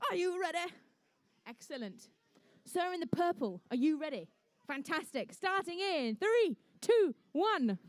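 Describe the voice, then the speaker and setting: A young woman emceeing a live competition, chatty and jokey with the teams as she calls the action. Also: sits high. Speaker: event emcee and commentator. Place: indoor conference venue.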